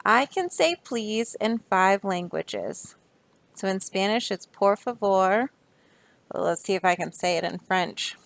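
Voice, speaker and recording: A woman's voice: medium pitch, expressive, unhurried, vocal fry, dry recording. A young adult woman reading a picture book aloud to children, stopping to explain the pages in a chatty, easygoing way. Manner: explaining, chatty asides, soft laughs. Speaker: storybook reader.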